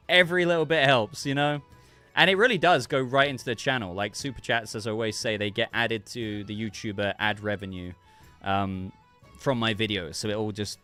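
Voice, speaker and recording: A man's voice: mid-range voice, fairly bright tone. A man hosting a casual livestream, chatting loosely and reading viewer messages, sounding congested with a cough. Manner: rambling, chatty, self-interrupting. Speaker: livestream host.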